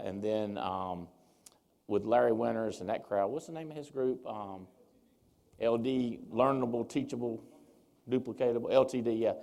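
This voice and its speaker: A man giving a seminar talk as a speaker, telling his story with lively, animated swings as he acts out what people said. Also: mid-range voice, creaky. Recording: reverberant hall.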